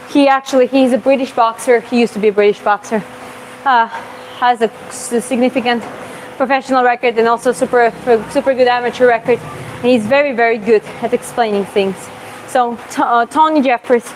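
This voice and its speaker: A woman boxing coach answers viewers' questions live while demonstrating punch combinations on a bag in a gym, explaining casually and marking each punch with quick "boom" sounds. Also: slight background noise, poor audio.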